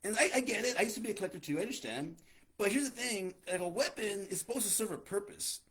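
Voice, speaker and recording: Husky, lively-voiced man in profane banter. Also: high voice, quick pace. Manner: animated, profane, laughs a lot. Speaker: podcast co-host. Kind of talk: casual banter.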